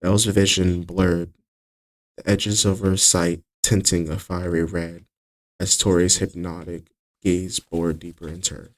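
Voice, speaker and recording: A man narrating his own fantasy book as an audiobook, steady with occasional slips and restarts. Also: low voice, a little slow, rough recording.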